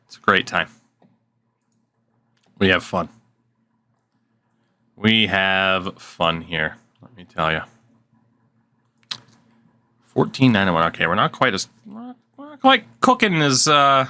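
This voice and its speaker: A man's voice: sits low, slow pace, pauses often, bright, forceful tone, slight background noise. A man giving casual, sarcastic gameplay commentary at his desk mic. He swears freely and mutters to himself as he plays. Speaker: gaming channel host.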